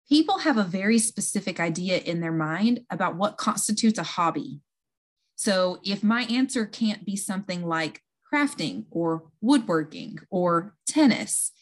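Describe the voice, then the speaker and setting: A woman talking casually and earnestly, explaining things step by step with a self-aware touch. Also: fairly low pitch.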